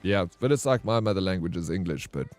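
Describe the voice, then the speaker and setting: A man live-streaming a game, chatting and joking with his viewers, and loudly welcoming raiders. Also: low voice, fast. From South Africa. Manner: jokey, excitable, banters with chat. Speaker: variety streamer. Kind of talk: casual live-stream chat while gaming.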